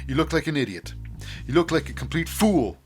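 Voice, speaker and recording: A man's voice: fairly high pitch, lively intonation, brisk, darkish tone, soft background music, close to an everyday voice. A man voicing a scornful woman wrestler who hurls emphatic, sneering put-downs at a rival.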